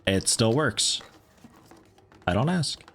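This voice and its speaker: A man's voice: medium pitch, very animated, takes it slowly, fairly bright tone. A man streaming a game, chatting casually and joking with his viewers in a rambling way. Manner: rambling, joking asides to chat. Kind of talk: casual gameplay commentary.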